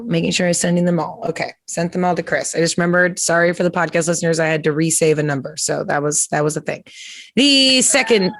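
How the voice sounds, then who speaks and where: A comedian host chatting loosely and jokily, stumbling through fillers and restarts. The voice sits at a middling pitch. It is recorded close and dry, with no room sound. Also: steady tone, a little fast, fairly bright tone, no room sound. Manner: rambling, jokey, many fillers and restarts. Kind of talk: casual live-stream interview chat.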